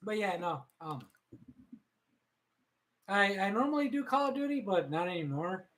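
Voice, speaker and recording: A man co-hosting a casual podcast stream, easygoing and quick to laugh things off. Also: high voice, sing-song, fairly bright tone, rough recording. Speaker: podcast co-host.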